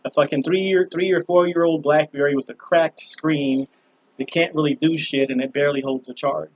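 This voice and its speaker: A man's voice: fairly high pitch, steady tone, normal speed, highs cut off. A man vlogging from a small balcony, rambling and swearing through a laid-back casual story with lots of fillers. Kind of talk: casual profane monologue. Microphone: camera on a small balcony.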